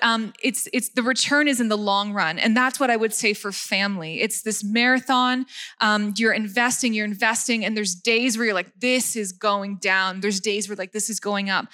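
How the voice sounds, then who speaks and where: A woman in her thirties from Canada preaching a casual sermon, chatty, laughing at herself, and repeating key words for emphasis. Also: mid-range voice. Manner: warm chatty delivery with frequent fillers and self-deprecating laughs.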